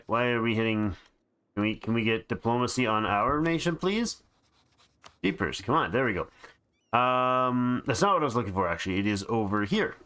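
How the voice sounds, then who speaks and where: A tired, yawning man with a medium-pitched, somewhat bright voice hosts a let's play. He thinks aloud in casual game commentary, restarting often.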